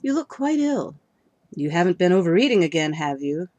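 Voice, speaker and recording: A woman's voice: fairly low pitch, sing-song, moderate pace, a little mellow, no echo, muffled recording. Woman doing a pompous husband crow. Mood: concerned. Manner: huffy, self-important. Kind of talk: storybook reading.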